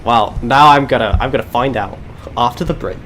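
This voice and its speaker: A man at mid pitch talking through a live game stream, full of sarcastic asides and self-mocking jokes. A faint hum of noise sits behind his voice. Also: moderate pace, fairly bright tone. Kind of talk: live gaming stream chat.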